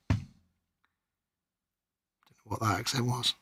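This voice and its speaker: A middle-aged man co-hosting a casual live stream, trading dry, deadpan jokes. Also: fairly high pitch, normal speed, slight background noise. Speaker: co-host.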